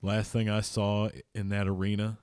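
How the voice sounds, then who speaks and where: A man's voice: lowish voice, monotone, normal speed, darkish tone, clean tone, no room sound, clean studio sound. Man rambling on a sports podcast. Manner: loose, rambling, swears freely. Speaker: podcast co-host. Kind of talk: casual sports podcast chat.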